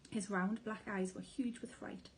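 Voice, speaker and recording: A woman teacher reading a children's storybook aloud, with clear, expressive storytelling. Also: mid-range voice, a little slow, slight background noise, low-quality recording. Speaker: primary school teacher.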